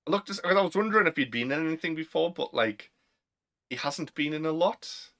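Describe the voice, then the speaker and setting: A young man with a Northern English accent, co-hosting a casual chat, chatty and quick to laugh. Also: on the high side, lively intonation, fairly bright tone. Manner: chatty, laughs often, fillers. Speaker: podcast co-host.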